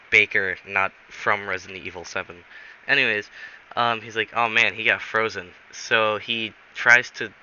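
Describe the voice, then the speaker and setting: A man's voice: on the low side, sharp tone. Rambling man telling a goofy story. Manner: rambling, self-correcting, many fillers. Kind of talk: improvised comic story narration. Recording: dull recording with faint hiss.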